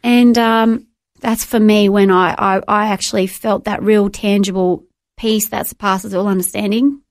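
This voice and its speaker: A woman's voice: medium pitch, fairly even intonation, a little slow, no room sound, studio quality. A middle-aged Australian woman sharing her personal faith testimony as an interview guest, earnest and emotional, often restarting her words.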